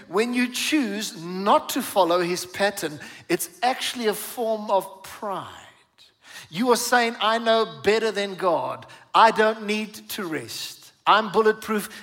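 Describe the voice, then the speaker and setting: A man's voice: high-pitched, fairly bright tone, long reverb tail. A male pastor preaching a sermon, emphatic and drawing the congregation in with questions.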